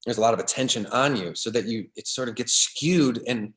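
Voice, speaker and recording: Halting male actor in echoey room. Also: mid-range voice, a bit bright. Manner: halting, repeats words as he thinks. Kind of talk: casual conversation between actors.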